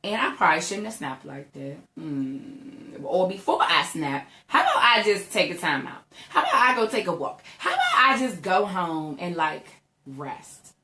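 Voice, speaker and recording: A woman's voice: fairly low pitch, sing-song, moderate pace, pushed and bright, roomy sound, a little hiss or hum. A young woman giving a chatty motivational talk to her viewers, emphatic and repeating "right?" constantly. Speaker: entrepreneur vlogger.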